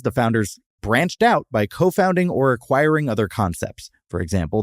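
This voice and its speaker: A man's voice: medium pitch, dry recording, studio quality. A man hosting a podcast, chatting casually and reading history notes between jokes. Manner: jokey, reads history notes between banter. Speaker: podcast host. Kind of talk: casual chat and read-out segments.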